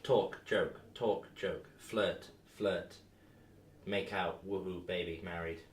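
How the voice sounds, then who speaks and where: A young man talking in a low-pitched voice on a casual podcast, animated and prone to tangents. He sits well back from the mic, and the room around him rings with echo. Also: a little hiss or hum. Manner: animated, tangent-prone, quick to act out examples. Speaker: podcast co-host and tabletop player. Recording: echoey room, far from the mic.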